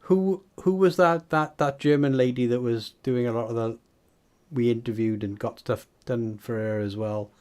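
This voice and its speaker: A man's voice: medium pitch, steady tone, normal speed, darkish tone, clean tone. A man from Wales hosting a casual group chat, laughing often and rambling through restarts. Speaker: podcast host.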